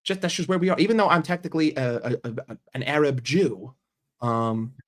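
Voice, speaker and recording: A man's voice: fairly high pitch, a little fast. Brash, profane New man. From New York. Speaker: football vlogger. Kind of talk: casual rant to camera.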